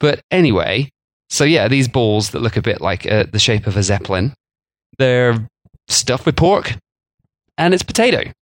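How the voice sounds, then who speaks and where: A man's voice: medium pitch, big pitch swings, normal speed. A man co-hosting a casual podcast, chatty and jokey, rambling through explanations. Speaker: podcast co-host. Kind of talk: casual chat.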